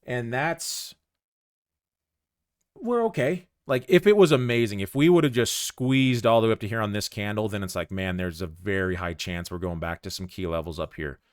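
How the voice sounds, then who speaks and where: A man giving live commentary on his day trade, thinking aloud in a calm, conversational way. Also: fairly low pitch, moderate pace, clear, resonant tone, no echo, clean studio sound.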